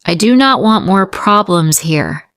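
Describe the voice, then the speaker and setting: Woman voicing a secretive mother, pleading, protective, slow, clear voice, dry sound. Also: mid-range voice, animated, fairly bright tone, no echo. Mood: gentle worry. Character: worried, secretive middle-aged mother.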